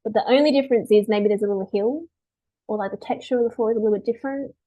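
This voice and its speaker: A woman dog behaviourist talking through a webinar, lively and chatty, acting out owners in quick quotes. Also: fairly high pitch, highs cut off. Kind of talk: webinar talk.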